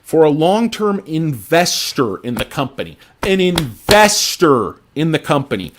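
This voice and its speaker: A man hosting a casual livestream about stocks, talking emphatically and rambling with plenty of fillers, swinging from loud, punchy lines to mumbled asides. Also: on the high side, very animated, measured pace, few pauses. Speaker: livestream host.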